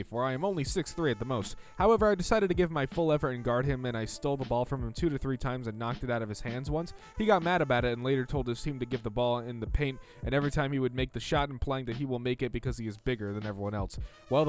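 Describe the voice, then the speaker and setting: A man reading stories aloud and reacting with sarcastic, deadpan debunking. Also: mid-range voice. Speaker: reader and commentator.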